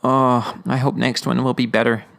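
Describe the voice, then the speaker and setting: A man's voice: medium pitch, level tone, normal speed, vocal fry, fairly bright tone. A man hosting a podcast, casually talking through an episode with lots of fillers and laughs. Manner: rambling, laughing, many fillers. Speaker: podcast host reviewing episodes.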